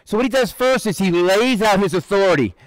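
A man preaching a casual, conversational sermon, animated, acting out the people in the story. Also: high-pitched, fairly quick, dry recording, poor audio. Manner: conversational, animated, acts out Bible figures in quotes.

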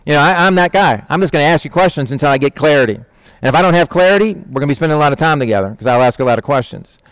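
A man's voice: animated, rapid-fire, clear, resonant tone, no room sound, rough recording. A middle-aged man preaching a conversational sermon, reading scripture and talking plainly and directly to his congregation. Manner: folksy, direct, acts out voices of disciples with a raised pitch. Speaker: pastor.

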